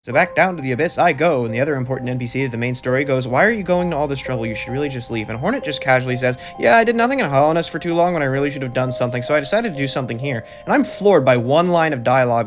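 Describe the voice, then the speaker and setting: A man narrating a comedic game recap, fast and sarcastic, full of swearing and sudden excited outbursts. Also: mid-range voice, music in the background. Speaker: gaming video commentator.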